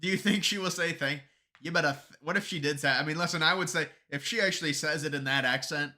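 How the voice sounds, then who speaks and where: A man's voice: on the high side, quick pace, bright, forceful tone. A man hosting a live stream, chatting casually and sarcastically about politics with many restarts.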